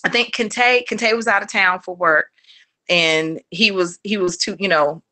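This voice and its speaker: A homeschooling mother with a mid-range voice is a guest in a casual interview. She rambles animatedly, full of fillers, restarts, and quick laughs, and she acts out her children's lines.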